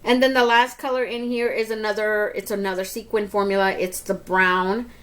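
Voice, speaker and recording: A woman's voice: medium pitch, flat delivery, moderate pace, a bit bright. A woman giving a casual makeup review to camera, chatty, often calling to her viewers and laughing at herself. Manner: chatty, keeps talking to viewers as "you guys". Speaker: beauty vlogger.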